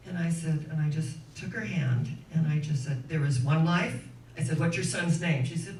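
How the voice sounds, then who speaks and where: A woman's voice: fairly low pitch, moderate pace. A middle-aged woman minister giving a sermon, telling stories earnestly and building rhythmic spiritual lists. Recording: echoey room, distant mic, faint noise.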